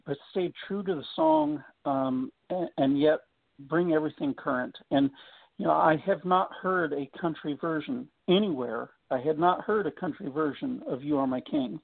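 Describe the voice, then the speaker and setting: Male guest, gravelly, halting with many restarts, on a thin phone line. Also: medium pitch, no room sound. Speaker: country singer guest. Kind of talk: radio phone interview.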